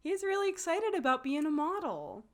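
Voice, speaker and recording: A woman co-hosting a podcast, chatting casually and excitedly about a drama, full of fillers and acted-out lines. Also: high-pitched, normal speed. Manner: bubbly, lots of fillers, acts out characters' lines. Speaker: podcast co-host. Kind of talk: casual chat recapping a drama.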